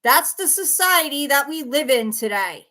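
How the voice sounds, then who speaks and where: A woman's voice: high voice, lively intonation, normal speed, pushed and bright, a little hiss or hum. A worn-out woman ranting defensively on a livestream, blunt and swearing, repeating herself as she answers viewers. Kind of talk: heated livestream rant.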